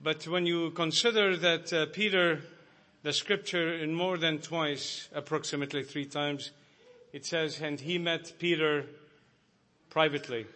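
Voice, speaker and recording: A man's voice: a little high, steady tone, a little slow, sharp tone. A man preaching a sermon to a congregation, earnest and growing emphatic.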